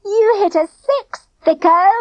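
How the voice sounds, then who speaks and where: A cheeky, chirpy young boy, as a woman reads him, taunting with a very high, lively voice. The sound is close and dry. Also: slow, no echo, highs cut off, exaggerated voice. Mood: gleeful.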